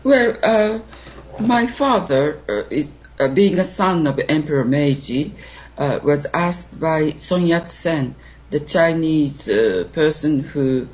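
A woman with a Japanese accent speaks English as a second language in slow, broken phrases. Her pitch swings widely, and she talks at a very unhurried pace. The audio is dull and lo-fi. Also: animated, darkish tone. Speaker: guest. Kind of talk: interview over a remote line.

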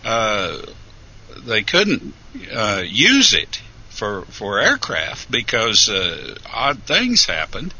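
Slow, halting man with a bright voice. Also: on the low side, wildly swooping pitch, slightly rough. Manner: slow, halting, many uh fillers. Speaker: studio guest answering questions. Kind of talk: radio interview. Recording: dull lo-fi radio sound.

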